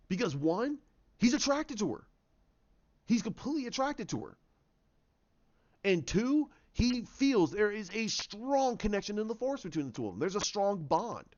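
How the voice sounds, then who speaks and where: A man giving casual commentary on films, rambling and animated, acting out scenes in voices. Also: high voice, dull audio. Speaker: YouTube commentator.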